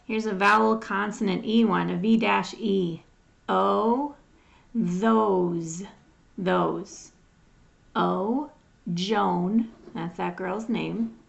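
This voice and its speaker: A woman leads a phonics lesson and sounds out each word patiently, one at a time. She talks very slowly, with a gravelly edge to her voice. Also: medium pitch, steady tone, dull audio. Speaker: phonics teacher. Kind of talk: slow phonics lesson reading.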